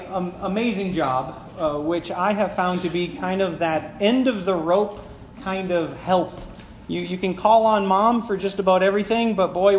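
A man preaching a sermon as a conversational personal story, with many fillers and laughing at himself. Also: high-pitched. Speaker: pastor. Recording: echoey room with faint background noise.

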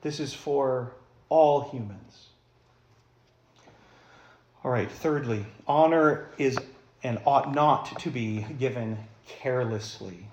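A man's voice: mid-range voice, slow, long pauses, darkish tone, roomy sound, a little hiss or hum. A man preaching a sermon as pastor, emphatic, putting rhetorical questions to the congregation.

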